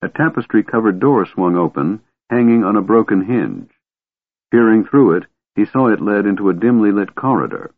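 A man reading fantasy fiction aloud as an audiobook narrator, in a steady, measured way. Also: lowish voice, no room sound. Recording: narrow phone-like audio, dry.

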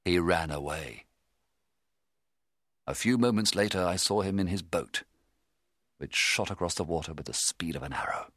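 A man narrating a storybook in the first person, in a measured, dramatic way that rises at tense moments. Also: deep voice, a bit bright, no room sound, studio quality. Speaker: audiobook narrator.

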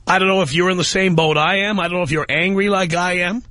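A man's voice: high voice, fairly even intonation, fast talker, pushed and bright, dry recording. A man hosting a talk radio show, ranting in an angry, emphatic way from a studio microphone.

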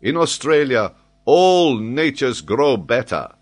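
A man voicing an excitable, impetuous French scholar in an audiobook, speaking vehemently and emphatically. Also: mid-range voice, slow pace. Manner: vehement, emphatic, eager to astonish.

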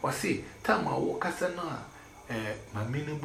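Animated Ghanaian man telling a story. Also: fairly high pitch, moderate pace, gravelly, a little hiss or hum. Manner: animated, quotes others in raised voices. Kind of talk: casual storytelling mixing English and Twi. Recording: roomy echo.

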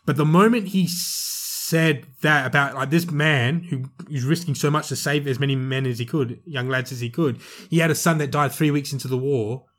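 A man co-hosting a film podcast, talking in an animated, rambling way with strong emphasis. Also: medium pitch, normal speed, hardly any pauses. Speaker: podcast co-host, film reviewer. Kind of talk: casual chat.

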